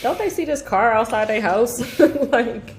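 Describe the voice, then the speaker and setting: A woman's voice: a little high, animated, measured pace. Young woman reacting with teasing disbelief. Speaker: podcast co-host. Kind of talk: casual chat.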